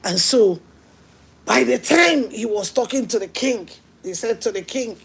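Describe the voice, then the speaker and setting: A woman pastor preaching a sermon, telling stories earnestly and swinging between hushed lines and emphatic ones. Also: on the high side, expressive, unhurried, vocal fry, slightly rough.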